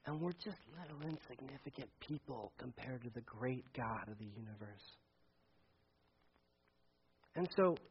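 A man preaching a sermon, animated, acting out quoted voices and swinging between loud and hushed delivery. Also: fairly high pitch, a little hiss or hum. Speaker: pastor. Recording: dull lo-fi sound.

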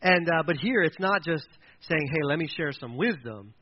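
Brief: male preacher, slightly high voice, casual sermon, acts out quotes; muffled lo-fi recording. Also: expressive, normal speed. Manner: conversational, acts out quoted voices, fillers like "kinda" and "like". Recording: dull lo-fi recording with faint noise.

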